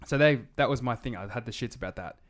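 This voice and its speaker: An Australian man co-hosting a casual podcast, telling stories with lots of swearing and a lively delivery. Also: medium pitch, fast. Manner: sweary, animated storyteller. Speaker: podcast co-host. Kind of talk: casual chat.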